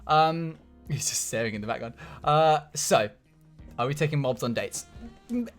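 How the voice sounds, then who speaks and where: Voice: mid-range voice, moderate pace, faint music behind. A livestreamer chatting casually from home, laughing often and greeting viewers one by one. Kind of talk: casual live-stream chat. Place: home room.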